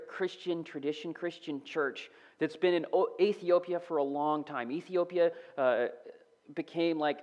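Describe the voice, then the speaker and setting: A man giving a casual, animated sermon, sometimes dropping to a whisper. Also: a little high. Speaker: preacher. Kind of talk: conversational sermon.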